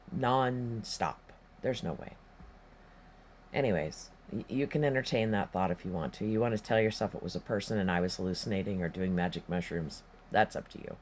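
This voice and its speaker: A man's voice: lowish voice, a little hiss or hum. A man telling a personal story in a rambling, profane, emphatic way, with casual spoken delivery. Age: adult, past his teens.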